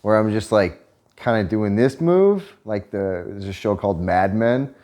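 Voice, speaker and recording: A man's voice: fairly low pitch, lively intonation, a little slow, darkish tone. A man chatting casually on a couple's vlog, joking and sarcastic, swearing freely. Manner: joking, profane, sarcastic asides. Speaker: vlog co-host.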